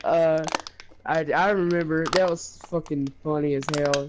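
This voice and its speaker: A man's voice: a little high, fairly even intonation, measured pace, background noise. A man casually telling a boastful, profane story, rambling with lots of fillers and laughing as he goes. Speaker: gaming video creator.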